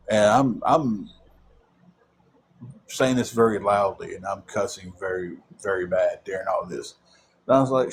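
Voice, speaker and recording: A man's voice: low-pitched, a little hiss or hum. Rambling man telling a story. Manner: rambling, halting with many fillers and repeated words. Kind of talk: personal storytelling.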